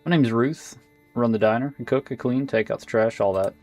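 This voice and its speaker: A man reading aloud the lines of a weary middle-aged woman who runs a diner, in a plain, flat manner. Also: mid-range voice, a little fast, soft background music, natural voice. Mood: somber.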